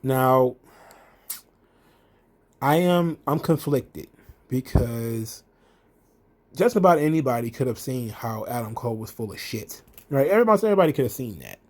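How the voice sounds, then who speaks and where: Casual male commentator, rambling and animated as he recaps. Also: mid-range voice, normal speed, pauses often. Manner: rambling, many fillers and restarts, animated retelling. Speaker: wrestling show commentator.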